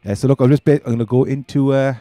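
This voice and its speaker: Speaking fast in a dark-toned, medium-pitched voice with little pitch movement, a Cork-accented Irishman hosts his first gaming commentary on his channel, chatting and rambling casually. The recording is dry, with soft background music.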